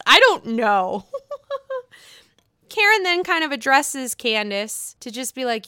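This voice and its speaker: A woman's voice: on the high side, big pitch swings, slow pace, long pauses, pushed and bright, smooth, dry recording, clean studio sound. A young woman hosting a podcast, recapping reality TV in a blunt, profane and sarcastic way. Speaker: podcast host.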